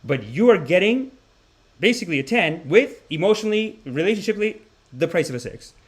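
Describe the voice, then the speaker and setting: A man hosting a comedy podcast, riffing in an animated, rambling monologue. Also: sits high, fairly quick, breathy edge. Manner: animated, rambling, swings between voices. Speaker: podcast host.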